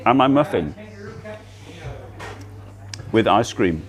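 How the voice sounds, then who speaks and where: A middle-aged man, talking into a laptop at a cafe. His voice sits fairly low but swings widely and animatedly in pitch as he chats, laughing often and teasing himself. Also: lively intonation, takes it slowly. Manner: chatty, laughs often, self-mocking. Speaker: livestream host. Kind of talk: casual chat livestream.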